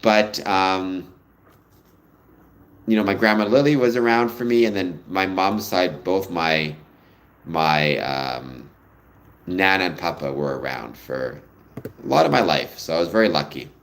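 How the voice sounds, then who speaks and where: A man's voice: deep voice, animated, unhurried, pauses often, a bit bright. A man hosting a livestream, chatting casually and answering viewer comments in a rambling way that drifts into personal stories. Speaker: livestream host.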